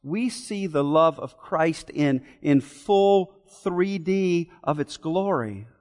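A man's voice: a little high, animated, slow pace, darkish tone, in a large hall. A man preaching an expository sermon in an earnest way, repeating key phrases and asking rhetorical questions. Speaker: pastor.

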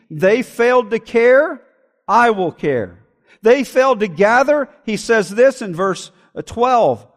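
A man preaching a sermon, switching between emphatic declarations and quiet asides. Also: very high-pitched, lively intonation, slow, big-room sound. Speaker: pastor.

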